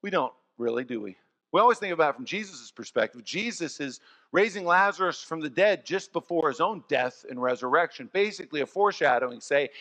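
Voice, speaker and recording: A pastor preaching a sermon, telling stories in an animated way and swinging from soft, low passages to loud ones. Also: male voice, fast talker. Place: church. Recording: long church reverb.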